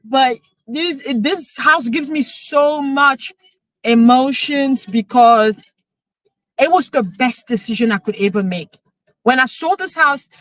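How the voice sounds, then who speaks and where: A woman, a real estate coach chatting emotionally on a live stream, excited as she talks. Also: on the high side, no echo, rough recording. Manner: excited, emotional, switching into French.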